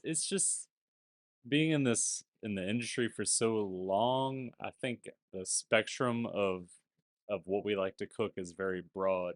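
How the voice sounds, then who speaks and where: A man's voice: on the low side, dry recording, clean studio sound. A young man who works as a chef, explaining his cooking in a thoughtful, easygoing way during casual chat. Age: young adult. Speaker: chef guest.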